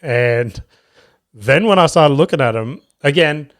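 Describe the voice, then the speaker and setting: A man's voice: fairly high pitch, lively intonation, measured pace, dry recording, studio quality. A man hosting a solo podcast, chatting casually and swearing freely as he rambles through stories. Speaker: podcast host and stand-up comedian.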